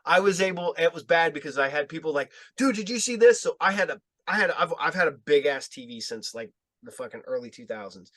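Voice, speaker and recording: A man's voice: on the high side, quick pace, few pauses, no echo. A man telling casual stories in a podcast chat, swearing freely and laughing as he retells them. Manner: profane, laughing, animated when retelling. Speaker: guest filmmaker.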